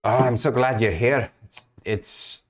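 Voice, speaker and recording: A man doing a fretful guild master in a tabletop game, his voice pushed a bit higher than the man's own and a touch louder. He rambles and stammers through his worries, circling back on himself. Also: a little slow, lightly acted. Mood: worried. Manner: stammering, fretful, long-winded.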